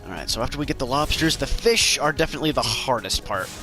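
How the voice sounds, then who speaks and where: A man's voice: mid-range voice, expressive, fast, music in the background. A man from Maine giving playful, jokey commentary while playing a game, talking to the characters on screen. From Maine, USA. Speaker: gameplay commentator. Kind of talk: casual gameplay commentary.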